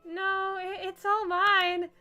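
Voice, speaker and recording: A woman voicing a huge, unhinged male fan with an axe, in a high, giddy, stammering voice that bursts out loud when overexcited. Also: slow pace, over music. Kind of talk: visual novel voice acting.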